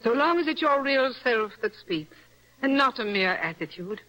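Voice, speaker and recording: A poised, motherly wife in a radio play, her voice high and bright. She teases gently while staying firmly in control, with a lively, musical lilt in her pitch. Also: normal speed, rough recording. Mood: teasing. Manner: gently teasing but firmly in charge. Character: poised, motherly young wife, teasing and firm. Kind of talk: old-style radio drama acting.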